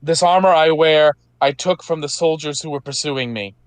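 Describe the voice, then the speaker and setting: A man's voice: on the high side, normal speed, smooth, dry recording, voice pushed up, lightly acted. A man voicing a young woman knight giving a rousing speech to a crowd. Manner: rousing speech, raised proclaiming voice. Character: young woman knight rallying the people, defiant.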